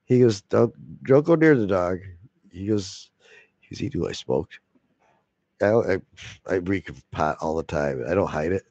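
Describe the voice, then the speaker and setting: A man's voice: sits low, animated, a little slow, pauses often, darkish tone, no room sound, lo-fi sound. A man telling a long profane story in a casual way, laughing often and acting out the other voices. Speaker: video blogger.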